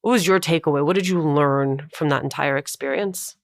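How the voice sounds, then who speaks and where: A woman podcast host asking interview questions in a measured, thoughtful way. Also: low voice, vocal fry, no room sound, clean studio sound.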